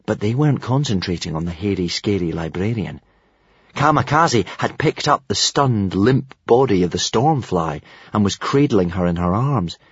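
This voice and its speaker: A man's voice: fairly low pitch, breathy edge, no echo. A man narrating a children's storybook expressively, in a slightly muffled dry recording. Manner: expressive, unhurried. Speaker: audiobook narrator.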